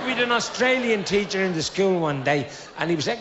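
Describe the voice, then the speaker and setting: Middle-aged Dublin Irish man, stand-up storyteller, fairly high voice, dull lo-fi sound. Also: brisk, slight background noise. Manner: lively storyteller, acts out characters in his own voice. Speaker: comedian. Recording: dull lo-fi live recording.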